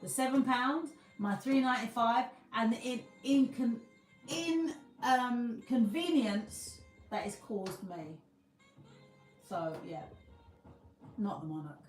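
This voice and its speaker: A UK woman hosts a livestream, chatting casually with viewers, rambling and often restarting her sentences. Her voice is fairly high and slow, picked up by a distant mic in a roomy-sounding recording with faint music.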